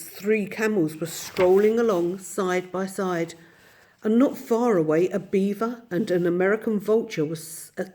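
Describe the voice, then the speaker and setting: Mellow woman reading a storybook aloud. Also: on the low side. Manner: steady, expressive storytelling. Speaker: audiobook narrator.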